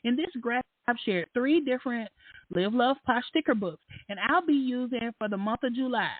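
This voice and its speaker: A woman voicing a chirpy, country-voiced woman who posts planner challenges, speaking in a bright sing-song twang. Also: fairly high pitch, expressive, normal speed, dry recording, pitched above the performer's own voice. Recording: dry, tinny phone-like line.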